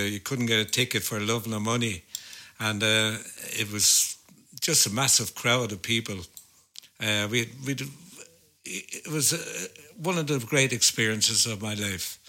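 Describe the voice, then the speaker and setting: Older Irish man, bright voice, rambling anecdotes with restarts. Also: on the low side. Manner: rambling, many fillers and restarts. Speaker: musician recalling gigs. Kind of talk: storytelling in casual chat.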